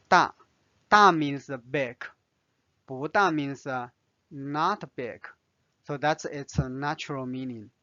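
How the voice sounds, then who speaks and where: A man with a Chinese accent teaching Mandarin vocabulary and grammar, explaining slowly with small restarts. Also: a little high, bright, forceful tone, dry recording, highs cut off. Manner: slow, careful, with restarts and fillers. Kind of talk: language lesson narration.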